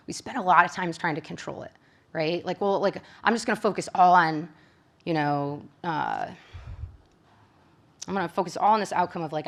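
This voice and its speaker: A woman from Michigan speaking as a psychologist to a room of caregivers. Her voice sits a little low, and she keeps it conversational, often ending points with a quick question to her listeners. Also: gravelly. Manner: conversational, frequent tag questions. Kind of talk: presentation to caregivers.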